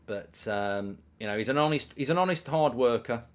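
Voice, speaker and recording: A man's voice: medium pitch, lively intonation, normal speed, smooth. Man chatting through a football watchalong. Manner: casual, chatty, reads out viewer messages. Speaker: host. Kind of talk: live football watchalong commentary.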